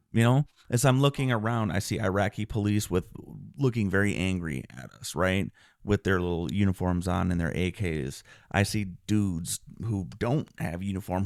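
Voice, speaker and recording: A veteran man tells his story on a podcast in a low, gravelly voice. He speaks earnestly, clears his throat often and restarts his sentences. The recording is dry and close. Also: darkish tone, dry recording. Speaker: military veteran guest.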